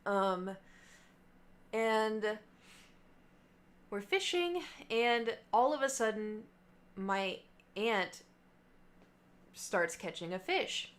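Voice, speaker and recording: A woman's voice: mid-range voice, animated, extremely slow, pauses often. A young adult woman livestreamer in casual chat with her viewers, telling a rambling story full of fillers and asides.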